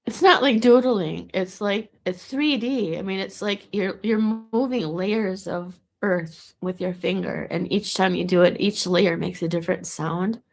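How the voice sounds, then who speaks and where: A woman's voice: medium pitch, unhurried, hardly any pauses. A woman talking in a casual, meandering monologue to the camera, restarting and repeating words as she goes. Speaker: vlogger.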